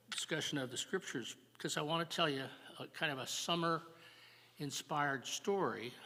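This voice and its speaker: An older man hosting a live church jazz service, announcing events and telling a folk story in a folksy, halting way. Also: a little high, bright, forceful tone. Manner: folksy, halting, with fillers and repeats. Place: church sanctuary. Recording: live church broadcast with long reverb.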